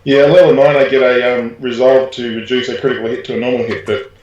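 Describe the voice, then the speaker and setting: A man playing in a tabletop game, joking, laughing often and talking in halting bits. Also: medium pitch, fairly even intonation, darkish tone, lo-fi sound. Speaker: player. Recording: echoey room.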